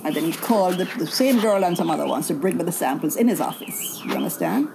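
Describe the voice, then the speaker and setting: A woman's voice: fairly low pitch, fast talker, gravelly. A middle-aged Jamaican woman with a Jamaican accent, telling a story in casual chat and acting out the people she quotes. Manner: animated storyteller, acts out quoted voices. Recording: loud background noise.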